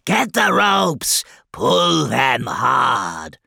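A man voicing a fat, waddling male demon piper who yells gloating orders at his horde. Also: huge pitch swings, drawn-out words, creaky, no room sound, clean studio sound, heavily acted. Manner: shrill, gloating, yelling orders.

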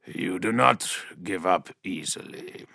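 A towering armored warrior giant, put on by a male audiobook narrator, speaking in a low, vox-filtered machine growl. His voice is pushed far below the narrator's own and stays stern yet amused. The recording is dry and close. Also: lively intonation, takes it slowly, gravelly, pushed and bright, no room sound, full character voice.

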